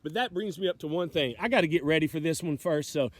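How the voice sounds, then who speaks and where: A man's voice: fairly high pitch, fast talker. A man giving a rambling, impassioned livestream monologue, swearing freely. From United States. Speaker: livestream host.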